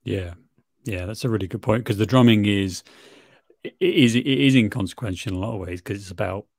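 Man, casual film talk, low voice, dry close sound, stammers and restarts. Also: a little fast, a little mellow, no room sound. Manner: thoughtful, stammering restarts, sweary.

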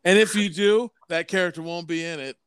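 A man's voice: high-pitched, fairly quick, a bit bright, smooth, no echo, studio quality. A man co-hosting a podcast in casual chat, laughing often and swearing at himself. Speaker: podcast co-host.

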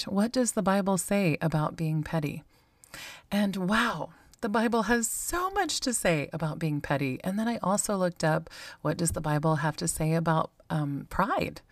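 Low, dry-sounding woman, candid reflective podcast host; close mic, musing tone. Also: expressive, moderate pace, dry recording. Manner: candid, musing, conversational, with frequent ums and likes. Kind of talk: reflective solo podcast talk.

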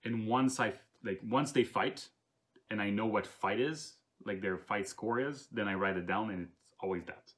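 A man who runs tabletop games, talking casually in a halting way with restarts and soft laughs. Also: fairly low pitch. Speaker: game master. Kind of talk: casual podcast chat.

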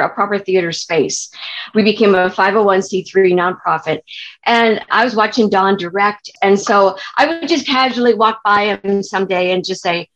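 A woman's voice: mid-range voice, dull audio. A woman from California, a theater director and actress, telling stories in a chatty way with many restarts and fillers. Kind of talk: interview storytelling.

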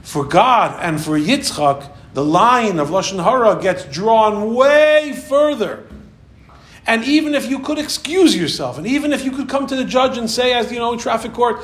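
A man teaching a Torah class with a high, lively voice that rises and drops a lot as he acts out the people he quotes. He is recorded in an echoey room with a faint hum behind him. His delivery is animated, like a storyteller's. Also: moderate pace.

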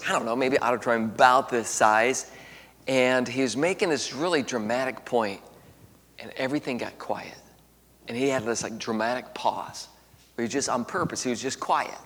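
Animated preacher in a reverberant hall. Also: male voice, medium pitch. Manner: animated, swings from loud emphasis to hushed storytelling. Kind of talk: sermon to young people. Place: large auditorium.

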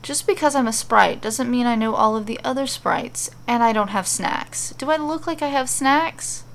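A woman puts on a cool male forest sprite from a storybook. He talks slowly and sultrily, teasing and aloof. The voice sits a little high with a gravelly edge. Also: lightly acted. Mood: dry.

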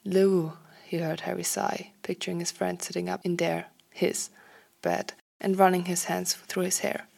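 Woman, low and gravelly, reading a story aloud softly, half-whispering. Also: level tone, moderate pace. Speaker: fan fiction reader.

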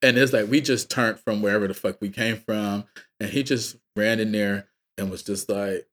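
A man's voice: lowish voice, fairly even intonation, moderate pace, a bit bright. A man from Atlanta with a Southern accent, a rapper guest telling a loose, profane tour story and laughing often. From Atlanta, Georgia. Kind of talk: casual storytelling.

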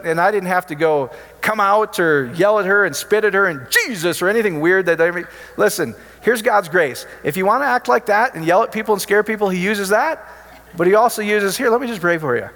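A man gives an informal sermon, trading stories of prayer with joking asides in a relaxed, conversational way. His voice sits a little high for a man. A long reverb trails behind him, as in a big hall. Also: a little fast. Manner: chatty storytelling, jokey asides. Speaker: preacher.

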